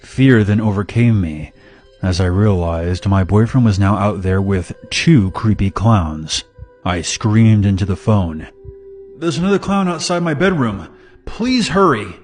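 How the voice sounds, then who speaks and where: A man narrating a scripted first-person horror story in a steady, dramatic way. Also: on the low side, moderate pace, soft background music.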